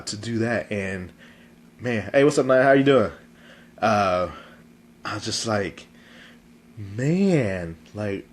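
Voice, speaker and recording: A man hosts his own video talk show recorded on a phone, chatting in a goofy, rambling way packed with fillers, his throat stuffy and congested. His voice is fairly low-pitched, with slight background noise.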